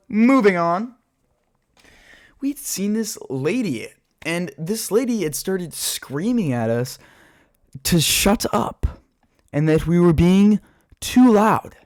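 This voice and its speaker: A young man telling a rambling, profane childhood story in a casual vlog while gaming, full of filler words. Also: sits high. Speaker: storyteller vlogger.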